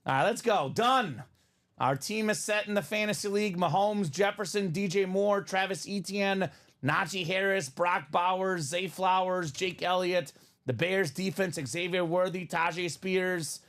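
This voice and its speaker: A man's voice: high voice, measured pace, fairly bright tone. A man hosting a live card break stream, chatting upbeat and calling out picks and viewer names. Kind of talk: live stream banter and play-by-play.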